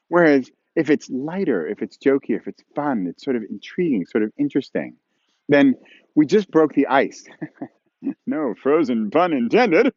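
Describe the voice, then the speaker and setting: Animated man teaching outdoors. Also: medium pitch, moderate pace, dry recording, highs cut off. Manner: playful, acts out tones and imagined dialogue. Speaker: writing course teacher. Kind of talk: casual outdoor video lesson. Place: outdoors on a snowy slope with skiers passing.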